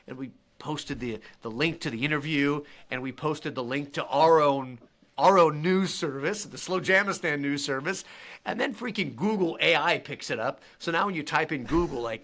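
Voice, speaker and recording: A man talking as a podcast guest, telling stories in an animated, excitable way with quick restarts. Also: medium pitch. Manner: animated, excitable storyteller with laughs and frequent restarts. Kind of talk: casual interview storytelling.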